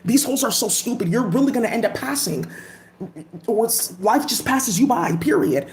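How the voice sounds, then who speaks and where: High-voiced woman ranting with profanity. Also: expressive, normal speed, a little mellow, slight background noise. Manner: profane, emphatic. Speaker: vlogger. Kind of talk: casual ranting commentary. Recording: echoey room.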